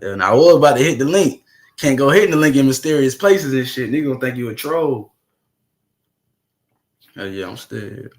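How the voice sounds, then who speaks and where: A man's voice: medium pitch, expressive, normal speed, pauses often, darkish tone. A man hosting his own livestream, chatting casually, rambling and swearing freely as he talks to viewers. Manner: profane, rambling, laughing between remarks. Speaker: livestream host.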